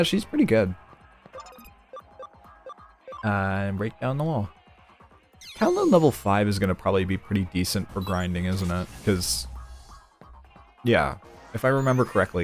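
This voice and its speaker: A man's voice: lowish voice, vocal fry, a little mellow. A man streaming a video game, chatting casually and thinking aloud as he plays. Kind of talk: casual gameplay commentary.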